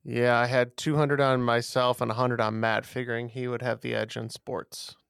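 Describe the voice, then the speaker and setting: A man playing as a trivia contestant on a podcast, reasoning aloud slowly and deliberately. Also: mid-range voice, flat delivery, creaky, a bit bright, clear, resonant tone, no room sound, clean studio sound. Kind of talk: casual podcast banter.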